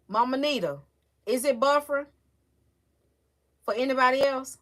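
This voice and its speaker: Bright high-voiced woman chatting on a livestream. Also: moderate pace, long pauses. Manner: chatty, emotional, greets chat by name. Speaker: livestream host. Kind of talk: casual live-stream chat with viewers.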